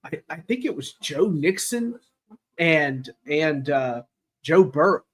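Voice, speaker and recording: A man hosting a casual live football chat, rambling and excitable, reading viewer comments aloud, his throat raw from cheering. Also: a little high, slow pace, husky. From Tennessee. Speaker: podcast host.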